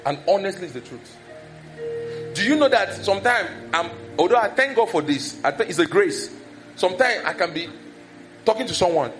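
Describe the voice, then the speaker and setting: A man's voice: sits high, normal speed, soft background music. A man with a Nigerian accent preaching a sermon as pastor, acting out gossip and scolding in a raised voice. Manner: animated, acts out scolding and village gossip in raised voice.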